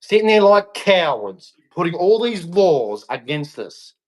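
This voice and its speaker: A man's voice: high-pitched, very animated, a little slow. An angry young Australian man in a heated, repetitive rant aimed at a politician. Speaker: vlogger.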